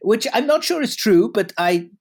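A middle-aged man from Britain, a journalist being interviewed, telling stories in a wry, unhurried way with frequent restarts and fillers. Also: high-pitched, lively intonation, breathy edge. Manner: anecdotal, hesitant with restarts, wry. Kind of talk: conversational interview.

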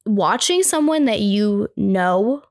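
A woman co-hosting a podcast in casual, excitable chat, full of "like"s. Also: medium pitch, takes it slowly, no room sound, clean studio sound. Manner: chatty and excitable, many "like"s. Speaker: podcast co-host.

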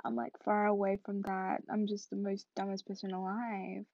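A woman's voice: medium pitch, monotone, moderate pace, a little mellow, no room sound. Tired young woman rambling podcast host. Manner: rambling, filler-heavy, slips into whispers. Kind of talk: casual storytelling monologue. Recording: muffled lo-fi recording.

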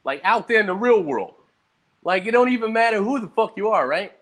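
Animated, profane young man rambling. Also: sits high, brisk. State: hungover. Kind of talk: casual rambling monologue.

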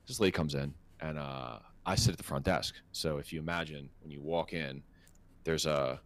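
A man hosting a podcast, telling a rambling, profane story in casual chat and getting animated when he quotes others. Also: extremely low pitch, moderate pace. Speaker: podcast host.

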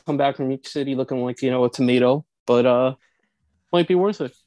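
A man's voice: medium pitch, fairly quick, warm tone, no echo. A young man co-hosting a podcast, laid-back and a little hesitant, with many fillers. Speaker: podcast co-host. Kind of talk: casual podcast banter.

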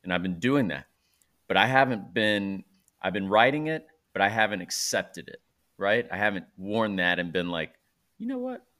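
Casting note: laid-back male host, low voice, opens up. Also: normal speed. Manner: relaxed, says bro, open about himself. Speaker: podcast host. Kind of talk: casual chat.

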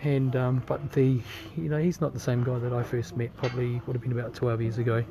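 A man with a New Zealand accent giving a casual, earnest video update from an airport terminal, speaking in a halting, indignant way. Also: mid-range voice, little pitch movement. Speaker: campaign leader posting a video update. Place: airport terminal, waiting on a delayed flight. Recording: crowd chatter behind.

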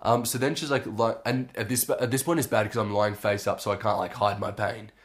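A young man in his late teens, a podcast host, telling a story in an animated way and acting out his own reactions. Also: on the low side, brisk. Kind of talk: casual storytelling.

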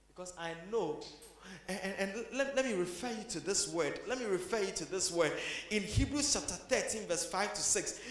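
High-voiced preacher, echoey room. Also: male voice. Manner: swings from hushed to shouting for emphasis. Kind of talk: sermon.

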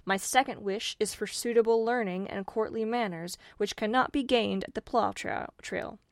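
A woman's voice: medium pitch, moderate pace, dry recording, lightly acted. A woman voicing a greedy, impatient young male farmer in a storybook reading, with an eager, demanding manner in a dry room.

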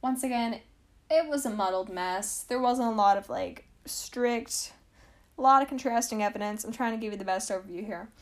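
A woman's voice: on the high side, moderate pace. A young woman hosting a podcast from home, casually telling a history story, chatty and full of "like" and self-corrections. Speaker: podcast host.

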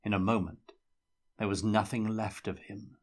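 A man reading a fantasy novel aloud in a measured, dramatic storytelling manner. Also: lowish voice, steady tone. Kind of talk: audiobook-style fiction reading.

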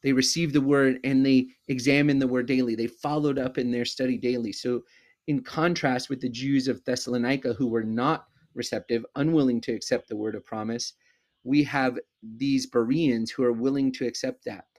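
A man hosting a podcast, giving an expository Bible teaching in a measured, deliberate way and slowing down to stress key words. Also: mid-range voice, fairly even intonation, a little mellow.

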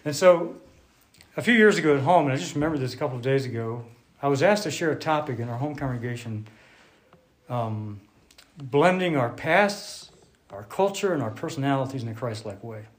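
A man's voice: medium pitch, lively intonation. Man preaching at an easy pace. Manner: unhurried, thinking aloud with restarts, drawing on a board. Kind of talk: sermon.

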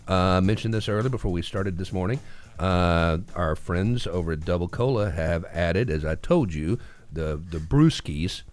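A man hosting a morning radio show, telling stories in an animated way and acting out the voices in them. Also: low-pitched, moderate pace. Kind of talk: casual radio chat and storytelling.

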